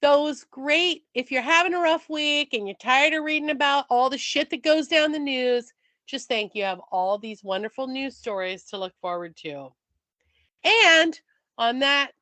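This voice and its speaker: A woman co-hosting a casual podcast, playful and teasing as she chats. Her voice is high, and she fills her talk with "like." The sound is close and dry, with no room around it. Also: sharp tone, no room sound. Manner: playful, teasing, says "like" a lot. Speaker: podcast co-host. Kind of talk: casual chat.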